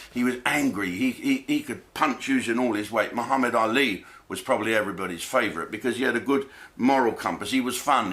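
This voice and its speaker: A man's voice: on the low side, pushed and bright. A man, doing a blokey, jokey comic monologue full of swearing and asides. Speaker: comedian host.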